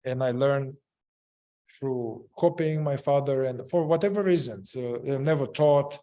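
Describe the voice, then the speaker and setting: Male group facilitator, mid pitch, unhurried and halting, full of "uh" and restarts. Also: warm tone. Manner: hesitant, many fillers and restarts. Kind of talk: guiding a group in therapeutic inquiry.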